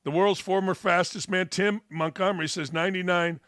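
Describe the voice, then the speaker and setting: A middle-aged man hosting a sports talk show, delivering a mocking monologue with sudden loud shouted bursts. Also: sits high, fairly even intonation, fairly quick, dry recording, studio quality.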